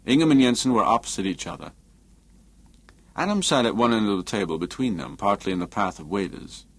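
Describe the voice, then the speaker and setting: Male narrator, low-pitched, lively intonation, measured audiobook reading.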